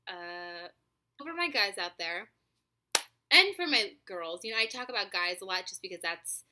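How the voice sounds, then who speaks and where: A woman in her twenties telling a story to camera in a chatty, animated way, swearing freely and filling her talk with likes and ums. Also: medium pitch, normal speed. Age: 20s. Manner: animated, profane, chatty with many fillers. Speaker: vlogger.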